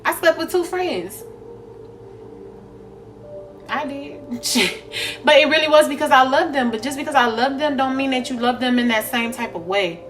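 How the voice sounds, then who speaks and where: A woman's voice: sits high, moderate pace, long pauses, fairly bright tone, soft background music. A young woman, talking bluntly and profanely in a candid vlog monologue, laughing often. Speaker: spiritual vlogger.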